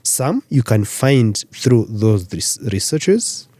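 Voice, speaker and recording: A man from Rwanda, a career expert guest on a radio interview, explaining in numbered points with lively emphasis. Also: mid-range voice, takes it slowly, dry recording. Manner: animated, lecturing in numbered points. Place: radio studio.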